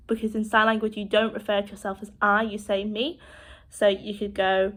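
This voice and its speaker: A woman with a British accent teaching children sign language, speaking slowly and clearly as she demonstrates each word. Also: mid-range voice, little pitch movement. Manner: slow, clear demonstrating speech.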